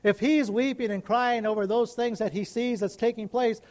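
A man's voice: extremely high pitch, fairly even intonation, normal speed, darkish tone. A middle-aged male pastor preaching a sermon, rising into emphatic calls and questions to the congregation.

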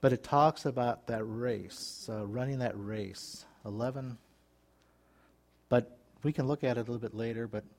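A man's voice: medium pitch, darkish tone. A man preaching a sermon as pastor, folksy and joking, reading scripture aloud between his comments. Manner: folksy and joking, laughs at his own asides.

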